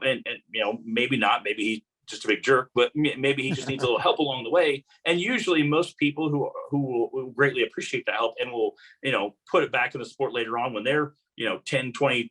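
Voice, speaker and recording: A man's voice: mid-range voice, a bit bright, low-quality recording. A man being interviewed as a guest, telling rambling anecdotes with many fillers in casual talk. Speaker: guest, motorsport announcer.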